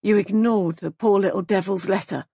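A woman's voice: mid-range voice, fairly even intonation, moderate pace, creaky, mellow, dry recording, studio quality. A woman reading the lines of a young man posing as a police sergeant, smug and coolly menacing. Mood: cold.

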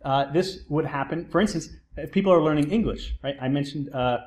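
A man's voice: fairly high pitch, a little fast, a little mellow. A man giving a recorded psychology lecture, explaining terms step by step and often posing a question and then answering it himself. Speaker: psychology instructor.

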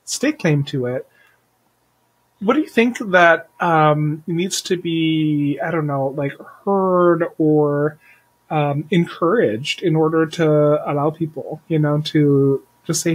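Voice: mid-range voice, takes it slowly, slightly rough, rough recording. An interview host asking long, rambling questions, full of hedges and "right?".

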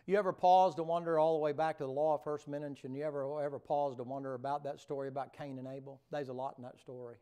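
A man's voice: fairly high pitch, fairly even intonation, fast, hardly any pauses, warm tone, smooth. A man preaching a revival sermon in a folksy, colloquial storytelling manner, talking directly to the congregation. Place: church sanctuary.

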